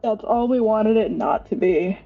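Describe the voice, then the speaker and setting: A woman playing in a tabletop role-play stream, excitable and playful, laughing often. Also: medium pitch, measured pace, phone-quality sound, soft background music. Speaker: tabletop game player. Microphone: home mic on a live stream.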